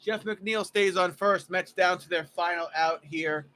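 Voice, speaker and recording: A man's voice: high voice, fairly even intonation, measured pace, bright, forceful tone. A young man giving casual, blunt and profane play-by-play commentary from a ballpark. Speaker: fan livestream commentator. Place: ballpark stands.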